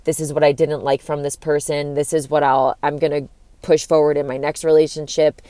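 Young woman vlogger, low voice, dry close sound, loose rambling delivery with casual swearing. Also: level tone, a little fast, dark tone, clear, resonant tone, no echo. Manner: rambling, frequent "like", swears freely. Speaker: vlogger giving breakup advice. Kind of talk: casual candid monologue.

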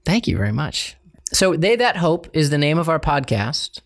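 A man's voice: on the high side, big pitch swings, vocal fry. A man co-hosting a podcast, chatting casually, joking and punning, and reading out an ad. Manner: joking, playful, quick to pun. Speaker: podcast co-host. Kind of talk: casual chat with read-out ad.

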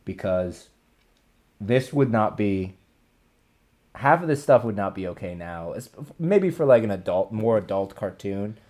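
A young man with a fairly low voice chats on a podcast. He rambles, restarts his sentences and drops jokes along the way. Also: expressive, measured pace, a little mellow. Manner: rambling, many ums and restarts, joking. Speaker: podcast host. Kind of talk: casual chat.

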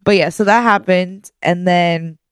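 A woman in casual chat, telling a lively story, laughing often and acting out the voices of the people in it. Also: on the low side, a little slow, clear, resonant tone, no echo, clean studio sound.

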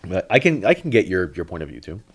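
Casting: male co-host, deep voice, relaxed chatter with lots of stammered restarts. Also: fast talker, husky. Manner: stammering restarts, laughs often. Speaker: podcast co-host. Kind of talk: casual chat.

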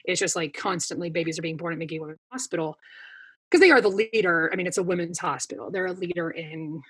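A woman's voice: fairly low pitch, fast talker, slightly rough. A woman in her thirties, a podcast guest, telling a long story in casual chat with plenty of fillers. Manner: chatty storytelling with many fillers.

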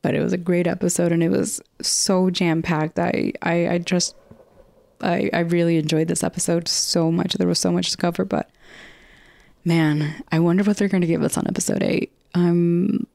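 A woman's voice: fairly low pitch, flat delivery, normal speed, gravelly, darkish tone, no room sound. A woman hosting a casual podcast recap, chatty and rambling, with frequent restarts and casual swearing. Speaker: podcast host recapping a TV episode. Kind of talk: casual chat.

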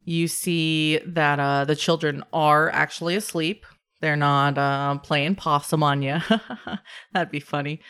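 A woman's voice: deep voice, flat delivery, slow pace, a bit bright, clean tone. A woman running a tabletop game, narrating casually with many fillers. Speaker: game master.

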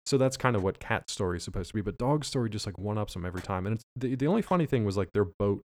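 A man's voice: lowish voice, animated, very fast. A man co-hosting a podcast, casually recapping a cartoon episode in a loose, rambling way. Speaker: podcast co-host.

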